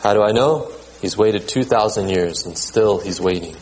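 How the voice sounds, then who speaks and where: A man preaching a sermon in a conversational way, often repeating words and checking in with the congregation, and reading scripture aloud at a measured pace. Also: on the low side, a little mellow, slight background noise, low-quality recording. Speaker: pastor.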